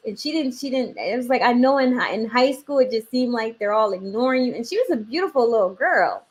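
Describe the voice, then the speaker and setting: A woman's voice: a little high, lively intonation, fairly quick, hardly any pauses. A woman in her forties in casual conversation, telling a family story and acting out the voices she quotes.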